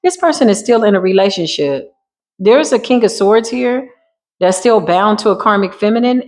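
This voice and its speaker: A woman giving a casual spiritual tarot reading to her viewers, blunt and slangy. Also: medium pitch. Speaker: tarot reader.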